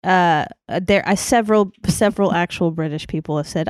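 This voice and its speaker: A woman co-hosting a podcast, telling a story in casual chat with halting restarts. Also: on the low side, dry recording, studio quality. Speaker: podcast co-host.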